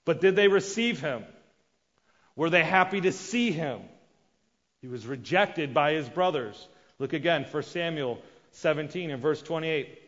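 A man preaching a sermon, shifting between loud emphatic lines and hushed asides as he acts out the people in his story. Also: fairly high pitch, lively intonation, a little slow. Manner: acts out quoted characters with sudden loud and hushed voices. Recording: dull sound with long reverb of a large hall.

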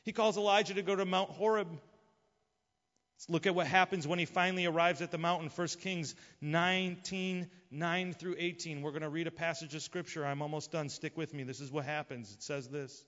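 A man, a pastor preaching a sermon, impassioned and swinging between loud and hushed. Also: on the high side, steady tone, moderate pace. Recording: dull lo-fi sound with long hall reverb.

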